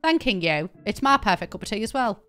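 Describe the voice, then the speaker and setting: A woman's voice: mid-range voice, very animated, a little fast, pushed and bright, faint music behind. Chatty British woman streaming a game. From Britain. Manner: chatty, rambling, laughs often, swears casually. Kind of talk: casual live-stream chat while playing.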